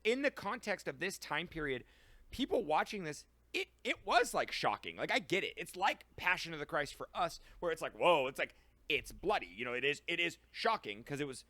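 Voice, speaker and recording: A man co-hosting a podcast, chatting about a film in an excitable, rambling way. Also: fairly high pitch, fairly quick, no echo. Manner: excitable, rambling, lots of fillers and restarts. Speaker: podcast co-host. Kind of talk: casual film discussion.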